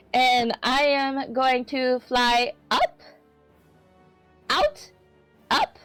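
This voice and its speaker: A woman's voice: high voice, fairly bright tone, no room sound, poor audio. A woman playing a tabletop game, describing her character with lots of fillers and hedges. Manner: rambling with many fillers and hedges. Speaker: player.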